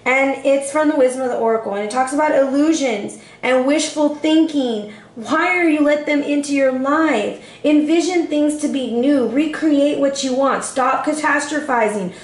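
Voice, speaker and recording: Woman, tarot reader, sassy, chatty, high-pitched, roomy echo. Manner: sassy, chatty, addresses viewer as baby. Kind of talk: casual monthly tarot forecast.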